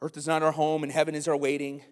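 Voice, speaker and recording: Guy pastor preaching, pretty high voice, lively, keeps asking the crowd "right?", big echoey church sound. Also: quick pace, clear, resonant tone. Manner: animated, rhetorical questions to the congregation. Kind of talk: sermon.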